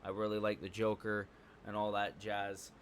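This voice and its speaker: A man's voice: on the low side, completely flat delivery, normal speed, slight background noise. A man giving a casual spoken movie review, blunt and profane, rambling with fillers like "um" and "like".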